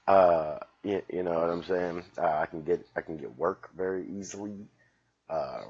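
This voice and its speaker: A man hosting a rambling solo comedy podcast, profane and sarcastic, just woken up and yawning, swinging between loud bursts and mumbles. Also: low voice, breathy edge, muffled recording. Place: at home.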